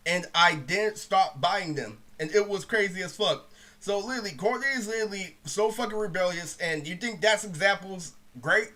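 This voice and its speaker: At a normal pace and with a sharp tone, a young man vlogs a meandering, foul-mouthed story. He leans on "literally" nonstop and goes low-voiced when quoting what other people said.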